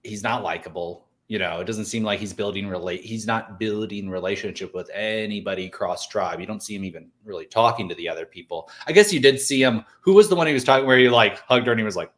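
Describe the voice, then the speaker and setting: A man's voice: lowish voice, fast talker, few pauses, fairly bright tone. A man co-hosting a recap podcast, rambling in loose, joking casual chat. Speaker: podcast co-host.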